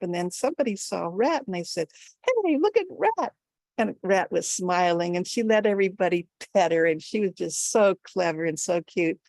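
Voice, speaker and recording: A woman's voice: fairly low pitch, darkish tone, no room sound. A woman storyteller telling a folktale live at an online gathering, jumping her voice up for the animal characters. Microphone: video call.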